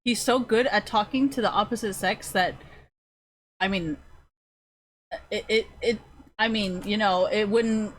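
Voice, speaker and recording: A woman's voice: medium pitch, fairly even intonation, unhurried, pauses often, a little hiss or hum. A woman streamer chatting casually with viewers, rambling and swearing often, with lots of fillers. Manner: rambling, profane, frequent fillers. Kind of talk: casual chat.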